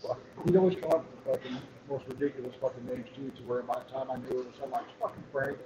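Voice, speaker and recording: A man's voice: medium pitch, steady tone, fast talker, echoey room. Profane middle-aged man chatting in noise. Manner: profane, rambling storytelling. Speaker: livestream host. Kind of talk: casual chat. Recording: noisy background.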